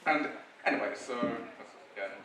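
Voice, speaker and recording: A man's voice: medium pitch, a little slow, sharp tone. A young man from the UK with a British accent doing chatty, self-deprecating stand-up comedy on a theatre stage. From United Kingdom. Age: young adult. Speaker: staff comedian. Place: theatre stage before an audience. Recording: echoey theatre from far off.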